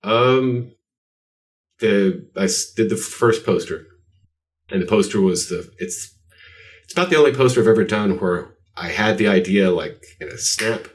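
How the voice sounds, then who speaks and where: Very deep-voiced guy rambling thru stories, self-deprecating, sitting kinda far from the mic. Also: moderate pace. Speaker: guest artist. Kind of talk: casual podcast interview. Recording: voice distant from the mic.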